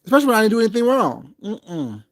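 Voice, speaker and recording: A man's voice: high-pitched, big pitch swings, quick pace. A man hosting a casual livestream, talking in a sassy, drawling way and calling his listeners baby. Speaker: livestream commentator.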